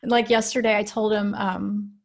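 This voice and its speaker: A woman's voice: mid-range voice, flat delivery, normal speed, gravelly. A woman in her thirties talking in a casual podcast conversation, in an easygoing way that gives advice, with many "you know"s. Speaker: podcast guest or host, parent.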